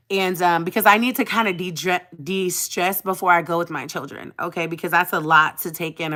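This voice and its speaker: A woman vlogging live to her viewers in an emotional storytime chat, her voice bright and forward. She talks in a dramatic, animated way, drops an emphatic "okay?" after her points, and addresses her audience as sis and y'all. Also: fairly low pitch. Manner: speaks straight to viewers, calling them sis and y'all.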